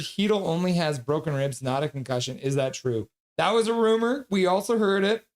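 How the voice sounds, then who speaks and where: Guy from calgary hosting a stream, kinda high voice, reading chat names out, jokes around a lot. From Calgary, Canada. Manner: reads chat names aloud, jokey, laughs often. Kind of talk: casual live-stream chat.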